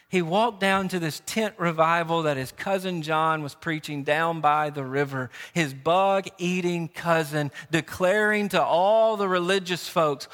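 A man's voice: sits high, bright, forceful tone. A male pastor preaching an impassioned sermon, pressing rhetorical questions on his listeners. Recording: long church reverb.

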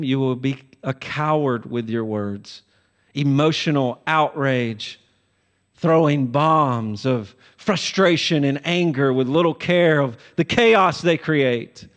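A man preaching in a big church sanctuary, slow and deliberate, his voice a touch higher than most men's. He swings between forceful, rising warnings and hushed, gentle lines. Long reverb from the hall trails every phrase. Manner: emphatic preaching, voice rises on warnings and drops soft on grace. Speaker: pastor. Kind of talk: sermon.

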